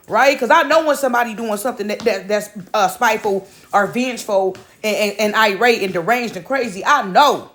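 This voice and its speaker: High-voiced woman ranting profanely. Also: expressive, brisk, a bit bright. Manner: profane, rambling, keeps asking "right?"; retells her own words with "I said". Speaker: vlogger. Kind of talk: casual storytelling monologue.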